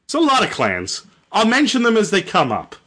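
Guy chatting, retelling a game plot, bright voice, lots of "like"s. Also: sits high, huge pitch swings, normal speed. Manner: rambling with many fillers and restarts, jokey. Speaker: storyteller host.

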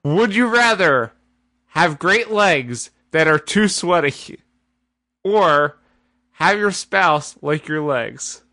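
A man's voice: fairly high pitch, animated, takes it slowly, bright, forceful tone, dry recording, clean studio sound. A man hosting a podcast, reading out silly questions and groaning at his co-hosts' jokes. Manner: teasing, exasperated groaning at jokes. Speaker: podcast host. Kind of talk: casual comedic chat, reading out questions.

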